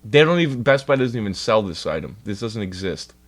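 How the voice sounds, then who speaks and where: A man's voice: lowish voice, big pitch swings, a little fast. A young man streaming casually, ranting in exasperated, profanity-heavy bursts. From New York. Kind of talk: casual livestream rant.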